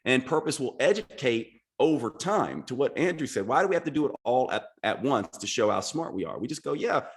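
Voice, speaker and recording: A man's voice: mid-range voice, very animated, brisk. A man speaking as a podcast guest, explaining his ideas earnestly and in structured steps. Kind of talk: casual podcast conversation.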